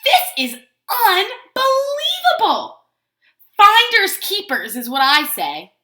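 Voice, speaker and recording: A woman voicing a grumpy, possessive male pigeon from a picture book, with loud, exasperated outbursts. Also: very high-pitched, wildly swooping pitch, measured pace, voice pushed up, full character voice. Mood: indignant. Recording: roomy echo.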